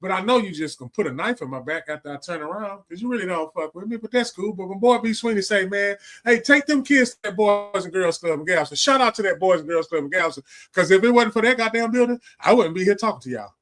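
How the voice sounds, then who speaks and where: A man's voice: high-pitched, expressive, quick pace, hardly any pauses, fairly bright tone, faint music behind. A man, hosting a livestream and giving a casual, preachy monologue full of slang, profanity and repetition. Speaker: livestream host.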